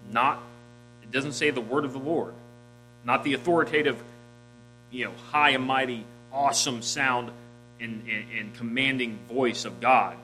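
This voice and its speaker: A man preaching a sermon, reading scripture aloud and swinging from loud emphasis to soft, quiet lines. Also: medium pitch, moderate pace, a little hiss or hum, rough recording. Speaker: pastor.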